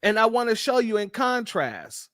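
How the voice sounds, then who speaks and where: A man's voice: sits high, big pitch swings, normal speed, a bit bright, no room sound, studio quality. A man hosting a casual political commentary show, emphatic and talking straight to his viewers as family.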